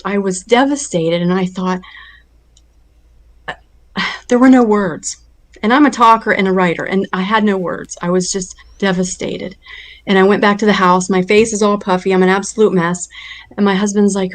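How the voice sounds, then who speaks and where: A woman's voice: medium pitch, normal speed. A woman guest on an interview show, earnestly telling a personal faith story with emotional recall.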